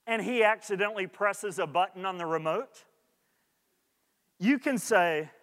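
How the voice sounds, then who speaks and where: A man's voice: high voice, measured pace, a bit bright, big-room sound. A man preaching a sermon as pastor, earnest and repeating his key points for emphasis.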